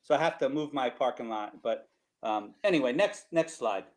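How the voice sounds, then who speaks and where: A middle-aged man with a New Jersey accent tells tailgating stories over slides in a casual, animated way, often laughing and tagging lines with "right?". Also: medium pitch, normal speed, noisy background. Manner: animated, laughing, repeats himself, rhetorical "right?". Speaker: storyteller guest.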